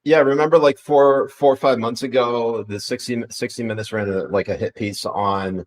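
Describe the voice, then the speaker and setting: A man's voice: mid-range voice, steady tone, normal speed, poor audio. A man co-hosting a casual political podcast, blunt and profane, rambling with frequent restarts. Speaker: podcast co-host.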